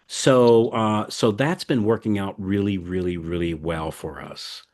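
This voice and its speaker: Folksy low-voiced American man. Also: unhurried, a little mellow. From United States. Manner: rambling, folksy, many fillers and restarts. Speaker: podcast host. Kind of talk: casual podcast chat.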